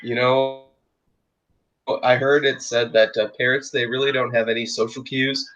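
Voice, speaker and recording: Bright-voiced man in casual lo-fi chat. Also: mid-range voice, flat delivery, moderate pace. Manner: laid-back, swears freely, laughs often. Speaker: podcast co-host.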